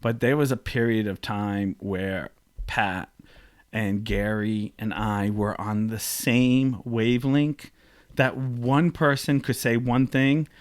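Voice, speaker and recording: A man's voice: medium pitch, slow. A man co-hosting a podcast, telling stories in a casual chat and acting out quotes with big jumps in his voice. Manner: animated, acts out quotes with big voice jumps, laughs often. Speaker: podcast co-host.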